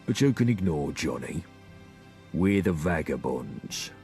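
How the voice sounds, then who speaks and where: A man doing a husky drawling London gang boss. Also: very deep voice, sing-song, a little slow, a little mellow, faint music behind, full character voice. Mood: sly. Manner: sly, drawling, mocking. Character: smooth-talking male London gang leader.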